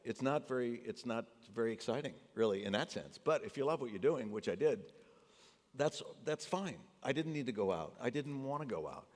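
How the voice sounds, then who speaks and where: A man's voice: medium pitch, fairly quick. A man telling anecdotes about his acting work on stage before a live audience, acting out the people he quotes. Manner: animated anecdote teller, acts out quotes. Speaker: actor discussing his memoir. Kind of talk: storytelling on stage. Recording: long theater reverb.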